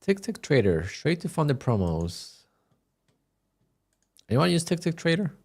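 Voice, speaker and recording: A man casually chatting on his live day-trading stream, relaxed and talkative, reading viewer questions aloud and answering them. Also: on the high side, measured pace. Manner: laid-back, chatty, reads chat questions aloud.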